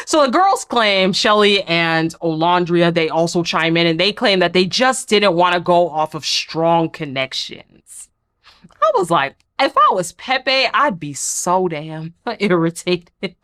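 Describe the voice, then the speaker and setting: Lively black-woman ranting thru a dating show recap, pitch all over the place. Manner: blunt, animated, slangy commentary. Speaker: recap vlogger. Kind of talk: casual reality-show recap.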